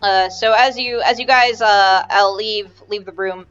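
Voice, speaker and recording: A woman's voice: medium pitch, steady tone, unhurried, a bit bright, smooth, soft background music. Woman running a tabletop game, lots of ums and restarts, kinda dull lo-fi mic. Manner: rambling, hesitant with many fillers. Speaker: game master.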